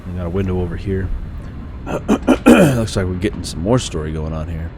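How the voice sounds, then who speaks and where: A man's voice: low-pitched, lively intonation, moderate pace, noisy background. A man hosting a game playthrough, chatting casually and thinking aloud, often correcting himself. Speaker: gaming channel host. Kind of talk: let's play commentary.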